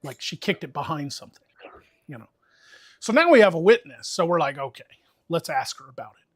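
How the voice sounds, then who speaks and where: Guy ranting thru a funny work story, kinda high voice, dead dry close mic, swears a lot. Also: fairly quick, dry recording. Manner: animated, profane storytelling. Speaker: streamer chatting with friends. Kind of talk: casual storytelling chat.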